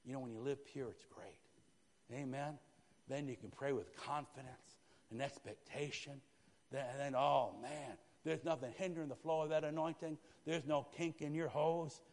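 A male pastor preaching a sermon with fervor, dropping to a hush and then rising to shouts, and calling out "Amen?" to his congregation. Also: medium pitch, fairly even intonation, normal speed, in a large hall. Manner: fervent, swinging from hushed to shouting. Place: church sanctuary.

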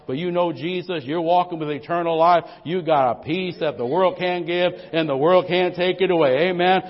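A middle-aged man, preaching a folksy, humorous sermon full of "amen"s. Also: high voice. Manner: folksy, exclaims amen often, storytelling with humor. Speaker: pastor. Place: church sanctuary. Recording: dull lo-fi church recording with long reverb.

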